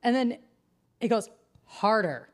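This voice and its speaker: A woman from the United States co-hosting a podcast, telling a story in an animated way, swearing freely and laughing as she goes. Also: on the high side, fairly quick. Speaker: podcast co-host. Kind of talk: casual chat, storytelling.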